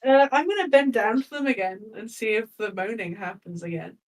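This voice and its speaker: A woman's voice: fairly high pitch, brisk, far from the mic, rough recording. A woman playing a tabletop game, chatty and laughing, swearing now and then as she talks through her character's actions. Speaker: player.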